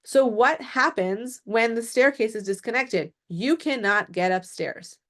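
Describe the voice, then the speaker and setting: A woman's voice: fairly high pitch, measured pace, fairly bright tone. A woman presenting a mental health workshop, explaining step by step and often checking in with "right?" and "okay?".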